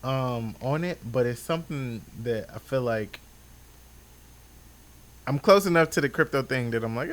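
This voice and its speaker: A man co-hosting a podcast in casual chat, relaxed and hesitant, with many fillers and restarts. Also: mid-range voice, a little slow, pauses often. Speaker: podcast co-host.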